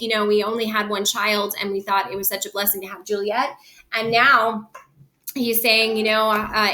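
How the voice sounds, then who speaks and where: A woman's voice: medium pitch, bright, forceful tone. A woman with a mid-range voice reads through a classic play for a lesson. She gives the lines with some feeling, then drops into plain, chatty explanation of what each character means. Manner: switches between acted lines and casual explanation. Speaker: teacher reading and explaining a play. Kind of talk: dramatic reading with plain paraphrase.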